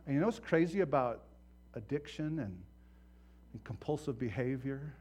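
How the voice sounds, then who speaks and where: A pastor delivers an impassioned sermon, his voice dropping to a hush and then rising loud as he acts out the voices in his stories. He has a husky, mid-range voice with lively intonation and a moderate pace.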